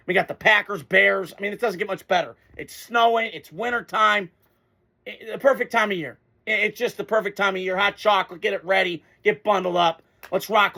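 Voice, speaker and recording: A man's voice: high voice, creaky, pushed and bright. A man hosting a casual sports reaction video, talking in a blunt, fired-up way and swearing freely.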